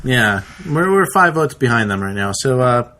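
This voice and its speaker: Laid-back male podcast host, bright and mid-pitched. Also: very animated, normal speed. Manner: laid-back, plugging the show. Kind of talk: casual chat.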